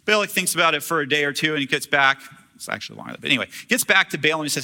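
Pastor guy telling a bible story like a buddy, bright voice, a bit high. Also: lively intonation, very fast, creaky. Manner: casual, humorous storytelling. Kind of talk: sermon.

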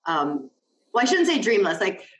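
A woman's voice: medium pitch, sing-song, normal speed, echoey room, poor audio. A woman hosting a podcast in casual chat, bubbly and self-mocking, full of fillers. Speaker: podcast host.

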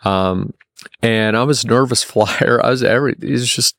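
A man telling a long personal story in casual podcast talk, full of restarts and fillers, getting animated when he quotes people. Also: medium pitch, normal speed, vocal fry, no room sound, studio quality. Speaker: podcast guest.

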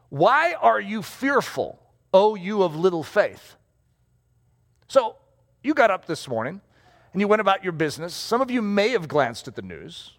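A man preaching a sermon to a congregation in a conversational, animated way. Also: high voice. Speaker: pastor. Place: church hall before a congregation. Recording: long hall reverb.

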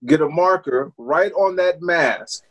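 Co-host, male, high voice, emphatic and profane, rhetorical ranting. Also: slow, fairly bright tone, highs cut off. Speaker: podcast co-host. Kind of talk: casual political chat.

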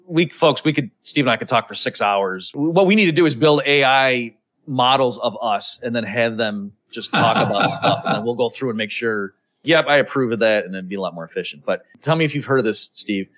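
A man hosting a casual podcast conversation. He talks in an animated, rambling way and often turns to the listeners directly. His voice sits in a mid range. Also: mid-range voice, brisk. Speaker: podcast host. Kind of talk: casual chat.

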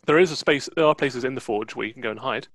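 A man running a tabletop game as game master, in a relaxed, laid-back way. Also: mid-range voice, fast, no echo.

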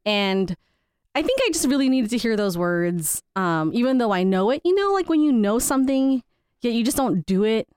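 Podcast co-host, woman, 30s, candid storyteller, smooth voice, dry close mic. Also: fairly high pitch, very animated, moderate pace, darkish tone, dry recording. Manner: candid, laughs between stories, quotes people in changed voices. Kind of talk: casual family chat.

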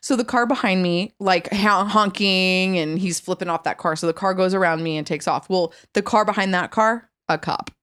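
A woman's voice: fairly low pitch, moderate pace, few pauses, clean tone. Woman podcast host telling a wild story, acts out everybody's lines, lots of ups and downs. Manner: animated storyteller, acts out quotes. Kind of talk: casual chat, storytelling.

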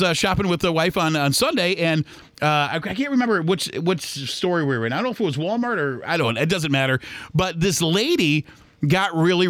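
A Michigan podcast host delivers a casual solo monologue, wandering between stories about errands and acting out shoppers' voices. For a man his voice is fairly high and a bit bright, captured dry and close with no room sound.

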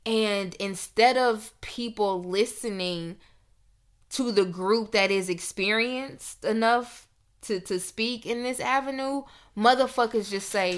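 A woman's voice: on the high side, slow. A young woman hosting a podcast, ranting in a heated, emphatic, profane casual talk. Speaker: podcast host.

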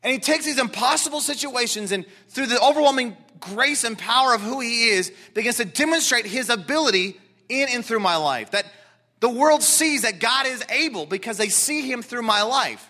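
A man preaching a sermon, explaining scripture and dropping into quiet, earnest asides. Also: very high-pitched, animated, moderate pace. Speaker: pastor.

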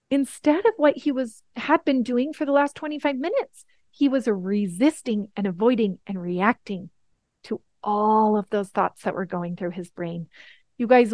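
A woman in her thirties hosting a motivational podcast, earnest and emphatic, slowing down on the words that matter. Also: on the high side, darkish tone, dry recording, studio quality. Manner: earnest, emphatic, slows down for key points. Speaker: podcast host.

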